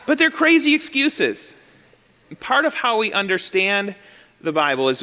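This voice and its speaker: A man preaching an animated sermon as pastor, acting out excuses in quoted voices. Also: high voice. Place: church sanctuary. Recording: long hall reverb.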